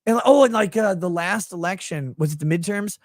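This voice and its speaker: This young livestream host from Minnesota talks briskly in a high-pitched voice, joking crudely and rambling with many fillers as he reads out super chats. The recording is dry and clean, with studio sound.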